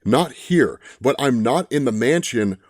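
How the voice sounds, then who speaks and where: A man reading the lines of a grown male superhero mentor in a slightly lower, measured voice. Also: expressive, dry recording, studio quality.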